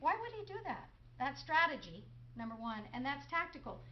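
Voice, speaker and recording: A woman's voice: high-pitched, sing-song, moderate pace, muffled recording, slight background noise. A middle-aged woman prosecutor giving a courtroom closing argument, sarcastic, firing rhetorical questions and mimicking others.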